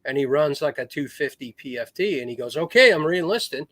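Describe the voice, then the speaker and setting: A man's voice: medium pitch, fairly even intonation, a little fast, no echo. A middle-aged man, a retired Marine officer, telling rambling war stories in a casual podcast chat. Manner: rambling war stories with restarts, acts out quoted voices. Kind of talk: casual storytelling.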